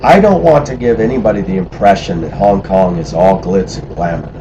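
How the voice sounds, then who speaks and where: The recording is muffled, with a little hiss or hum, as a middle-aged man with a deep voice talks fairly quickly. He's recalling life abroad in casual, animated stories, imitating the voices of people he quotes.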